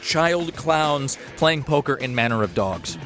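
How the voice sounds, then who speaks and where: A man's voice: medium pitch, very animated, unhurried, a bit bright, faint music behind. A man hosting a radio talk show, chatting casually in a wry, rambling way with many fillers.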